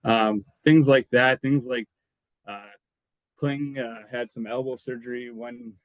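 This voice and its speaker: A man's voice: mid-range voice, slow, dry recording, rough recording. Male podcast guest, ex-lineman, loose storyteller, mid-range voice, dry booth. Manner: relaxed, rambling, laughs between anecdotes. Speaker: podcast guest, former college football lineman. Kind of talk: casual storytelling.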